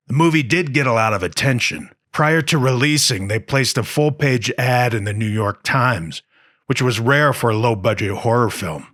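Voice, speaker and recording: A man's voice: medium pitch, expressive, moderate pace, fairly bright tone, dry recording. Dry-witted male podcast host. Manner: dry, wry asides. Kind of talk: scripted horror-history narration.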